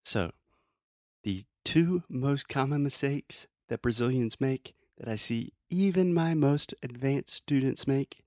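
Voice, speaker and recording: A man teaching English pronunciation in a casual, playful way, explaining slowly with many examples. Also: mid-range voice, expressive, a little mellow, no room sound, studio quality.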